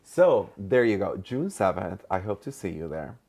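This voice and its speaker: Man, podcast host, excitable and gushing, lively swings, husky edge. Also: sits low, normal speed. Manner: excitable, gushing, laughs often. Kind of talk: casual chat.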